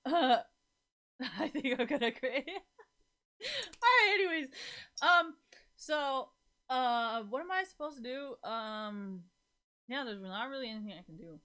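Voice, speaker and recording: A woman's voice: mid-range voice, fairly bright tone. A young woman streamer chatting casually to her viewers, rambling and swearing a lot, breaking into laughs often.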